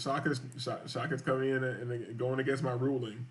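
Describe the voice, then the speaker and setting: Excitable, rambling male live-stream host. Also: medium pitch, moderate pace, hardly any pauses. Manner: rambling, repetitive, crude and excitable. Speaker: live-stream show host reading viewer chats. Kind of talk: casual profane live-stream commentary.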